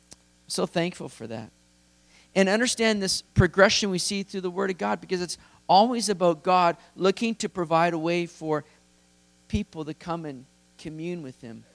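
A male pastor giving an expository sermon in a conversational, earnest, emphatic way. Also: high-pitched.

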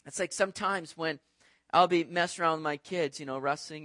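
A pastor delivers a sermon in a fairly high male voice, animated and conversational, often turning to the listeners with quick asides. The recording is dry and close, with almost no room echo.

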